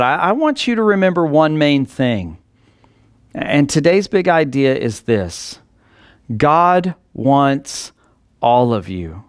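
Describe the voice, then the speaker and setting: A man's voice: fairly high pitch, smooth, no room sound, studio quality. A male pastor preaching a sermon in an earnest way that builds to emphatic passages.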